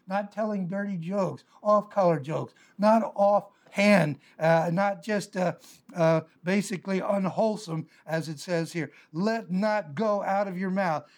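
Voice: mid-range voice, a little mellow. Earnest preacher unpacking Greek words. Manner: explains word meanings with homely everyday examples. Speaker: Bible teacher preaching. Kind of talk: sermon with verse-by-verse Greek word study.

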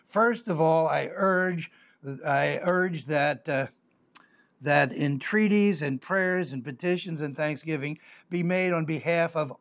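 A man, a pastor teaching a sermon, reading scripture slowly and then arguing it through conversationally with fillers. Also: a little high.

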